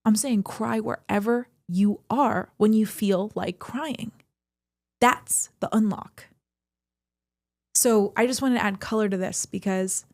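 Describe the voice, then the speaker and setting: A woman's voice: medium pitch, vocal fry, darkish tone, no room sound, studio quality. A young adult woman co-hosting a podcast, talking earnestly and reflectively about her feelings in a flowing, emphatic way. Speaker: podcast co-host. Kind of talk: reflective personal talk.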